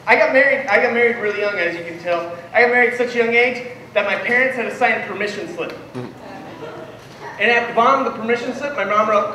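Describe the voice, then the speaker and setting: A man in his twenties doing a stand-up comedy set, loud and excitable, often shouting his punchlines. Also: sits high, recorded from a distance. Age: 20s. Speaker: stand-up comic. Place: comedy club stage. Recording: echoey room, voice from afar, noisy.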